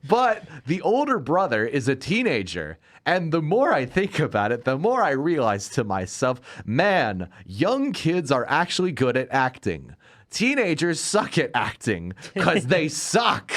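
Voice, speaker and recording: A fairly high-pitched man speaking a little slowly hosts a podcast where he casually reviews movies, sarcastic and ranting, lively, and quick to laugh.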